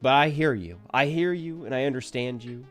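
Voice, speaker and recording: A man's voice: medium pitch, moderate pace, a bit bright, soft background music. A man chatting casually to his viewers at the end of a stream, rambling and self-deprecating.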